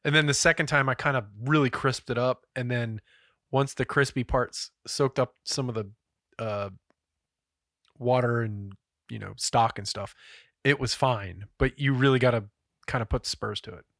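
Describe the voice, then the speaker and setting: A man co-hosting a podcast, telling a story in a casual, profane and animated way. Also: mid-range voice, normal speed, no room sound, studio quality. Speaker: podcast co-host. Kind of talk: casual chat.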